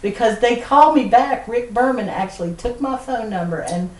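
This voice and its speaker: A woman's voice: fairly high pitch, normal speed. Southern woman telling a laughing story. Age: middle-aged. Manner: animated storyteller, laughs often mid-sentence. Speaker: podcast co-host. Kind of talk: casual storytelling chat. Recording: roomy sound from a distant mic.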